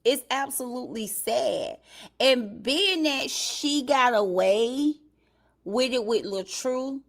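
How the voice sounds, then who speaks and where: A woman hosting a casual livestream commentary show, talking straight to her chat in a drawn-out way. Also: on the high side, fairly bright tone. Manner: drawn-out, talks to the chat directly.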